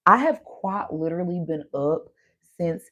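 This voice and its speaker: A woman's voice: lowish voice, lively intonation, unhurried, fairly bright tone. A woman with a slight Southern country accent giving a casual tarot reading, chatty and tired after an overnight drive, asking "right?" as she goes. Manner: chatty, addresses viewers as y'all, frequent "right?" asides. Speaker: tarot reader.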